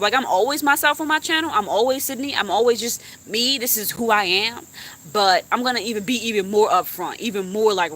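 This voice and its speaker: Blunt, bright-voiced young woman venting. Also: mid-range voice. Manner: blunt, heavy cussing. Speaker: YouTuber. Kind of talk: venting to a live stream chat.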